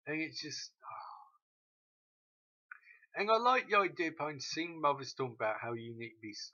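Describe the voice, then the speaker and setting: A man ranting through a TV episode recap, swearing often and mocking the characters in quick quoted asides. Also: mid-range voice, pushed and bright, lo-fi sound. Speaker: show recap host.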